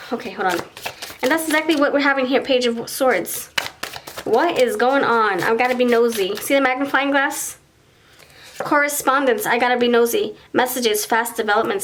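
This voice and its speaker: High-voiced woman doing a tarot reading. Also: moderate pace, fairly bright tone, a little hiss or hum. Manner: thinks aloud while pulling cards, restarts often; acts out imagined dialogue between partners. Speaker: tarot reader. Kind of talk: pick-a-card tarot reading.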